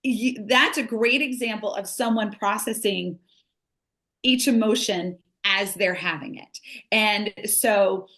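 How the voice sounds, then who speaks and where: Earnest middle-aged woman explaining gently. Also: medium pitch, slow. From United States. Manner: earnest, explains with acted-out examples. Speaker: grief recovery specialist. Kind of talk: casual podcast conversation.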